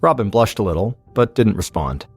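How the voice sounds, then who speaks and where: A man narrating a true-crime story in a steady, suspenseful scripted style as podcast host. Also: on the low side, fairly quick, slightly rough, dry recording, soft background music.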